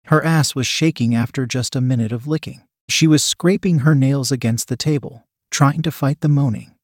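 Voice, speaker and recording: A man narrating an erotic story in the first person, reading in an even, unhurried way. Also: medium pitch, no echo, clean studio sound. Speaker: story reader.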